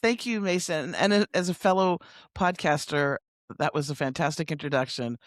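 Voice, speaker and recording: A woman in her sixties, a coach telling stories as an interview guest on a remote call, lively and laughing often. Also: low voice, moderate pace, no echo, clean studio sound. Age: 60s. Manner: lively, animated storyteller with frequent laughs. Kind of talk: conversational interview storytelling. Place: home near Sydney, remote call.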